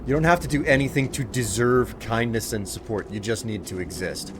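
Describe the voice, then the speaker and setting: A man's voice: medium pitch, fairly quick, noisy background. A man streaming a game live, chatting casually with viewers, thanking them for gifts and sounding exasperated at their requests.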